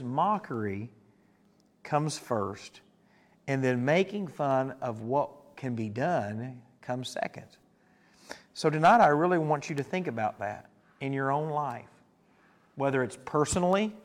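A male pastor delivers a sermon, telling stories with emphasis and asking the congregation questions. His voice is on the high side.

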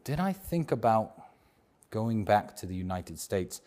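A man's voice: lowish voice, very animated, a little slow, a little mellow. A man with a British accent answering interview questions in an emphatic conversational way, often repeating phrases for stress. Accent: British English. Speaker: interview guest.

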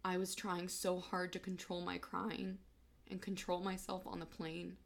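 A young woman in her twenties telling a personal story of loss, halting and fighting back tears. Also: fairly low pitch, monotone, creaky.

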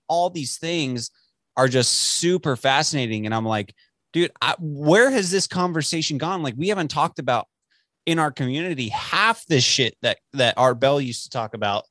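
A man's voice: mid-range voice, a bit bright, dry recording, clean studio sound. A man in his twenties hosting a casual podcast chat, laid back and saying "dude" often. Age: 20s. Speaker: podcast host. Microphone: podcast mic.

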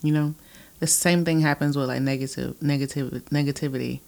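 A woman co-hosting a casual podcast chat, animated and expressive, saying "like" a lot. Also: low-pitched, fairly quick, creaky. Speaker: podcast co-host.

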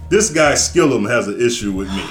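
A man's voice: mid-range voice, lively intonation, brisk, soft background music. A man from the Chicago area hosting a podcast, rambling and joking at his own expense. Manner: rambling, self-mocking, laughing. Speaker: podcast host. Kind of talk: casual podcast chat.

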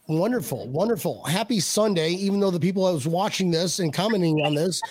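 Rambling, high-voiced man hosting. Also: brisk, a little mellow, no room sound, studio quality. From Buffalo, USA. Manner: rambling, repeats words, joking. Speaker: podcast host. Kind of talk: casual chat.

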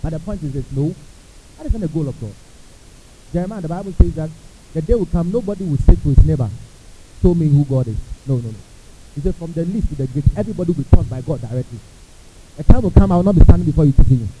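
Speaking fast in a fairly high voice, this man preaches as a pastor, dramatizing quotations and quizzing his listeners with lively energy. His recording has a thin, phone-like quality and a slight hiss.

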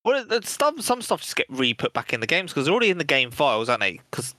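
Lively, bright-voiced man chatting. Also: fairly high pitch, quick pace, no room sound. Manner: jokey, laughs often, swears. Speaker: podcast co-host. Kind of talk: casual gaming podcast chat.

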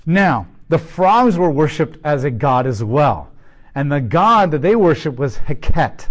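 A man teaching through a Bible passage, animated, with joking asides and rhetorical questions. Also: medium pitch, normal speed. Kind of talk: sermon.

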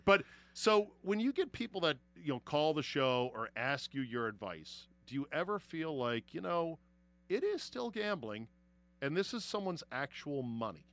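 A man hosting a casual sports chat who tells lively stories, swears freely and laughs often. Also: medium pitch, moderate pace. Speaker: podcast host.

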